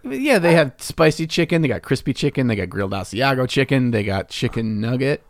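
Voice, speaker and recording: A man's voice: mid-range voice, big pitch swings, brisk, dry recording, studio quality. A man co-hosting a podcast, chatting casually in a playful, teasing way and laughing often. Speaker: podcast co-host.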